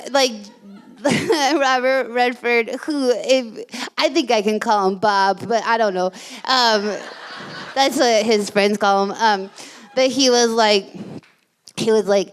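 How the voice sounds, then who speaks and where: On stage, a woman tells a comic story live, rambling, giggling, and restarting often as she goes. Her voice is fairly high and clean, and she speaks a little slowly.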